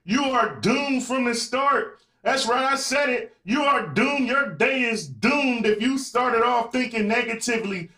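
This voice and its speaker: A man's voice: very high voice, pushed and bright. A man hosting a live podcast who talks straight to viewers in the chat and repeats his phrases for emphasis. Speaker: podcast host. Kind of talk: live-streamed podcast monologue. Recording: echoey room.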